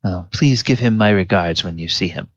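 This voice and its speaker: A man voicing a smooth, courteous man who speaks politely and graciously in a tabletop game. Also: sits low, normal speed, dry recording, dull audio.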